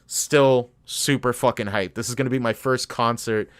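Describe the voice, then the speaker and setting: A man's voice: medium pitch, moderate pace, smooth. Young male podcast co-host, casual and profane, gets heated while telling stories. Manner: animated, profane, gets worked up retelling. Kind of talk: casual storytelling chat.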